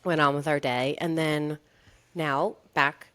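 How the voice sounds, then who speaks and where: This is a woman in her thirties with a low voice, co-hosting a casual podcast. She tells stories in a loose, rambling way and fills her talk with "like". Her delivery is relaxed and conversational. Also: slow pace, clean tone. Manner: chatty storyteller, many "like" fillers. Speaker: podcast co-host. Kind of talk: casual chat.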